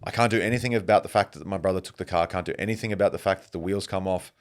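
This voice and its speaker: Deep-voiced man, podcast host, casual rambling talk, swears a lot. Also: very fast. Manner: swears freely, animated storytelling. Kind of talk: casual monologue.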